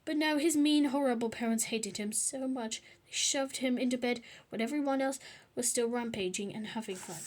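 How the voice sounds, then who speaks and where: Lady reading a kids' book aloud, high-pitched, chats between pages. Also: normal speed, darkish tone. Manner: chatty asides. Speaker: storyteller.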